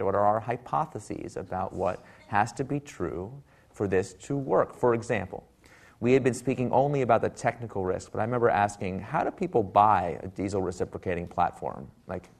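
Wry low-voiced man telling a story. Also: vocal fry, darkish tone. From Silicon Valley, US. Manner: wry, quick, acts out quoted people. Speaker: author speaking at a talk. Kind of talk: storytelling talk.

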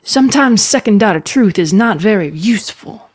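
A woman's voice: medium pitch, expressive, moderate pace, darkish tone, voice pushed up, natural voice. A woman voicing a blunt, matter-of-fact witch aunt who tells plain truths. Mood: earnest.

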